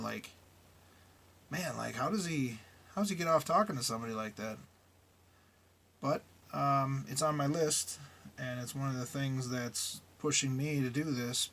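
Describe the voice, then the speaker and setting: A man's voice: mid-range voice, fairly bright tone, a little hiss or hum. Blunt, grumbling male trucker vlogger. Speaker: truck driver. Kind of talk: casual vlog monologue.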